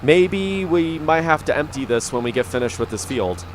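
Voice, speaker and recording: A man talks his way through a farming game in a loose, rambling way, full of ums and small restarts, fighting off the hiccups. His pitch rises and falls a lot as he goes. A faint hiss sits under the voice. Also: expressive, normal speed. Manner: rambling, easygoing, lots of ums. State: has the hiccups. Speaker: gaming YouTuber. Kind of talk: casual gameplay commentary.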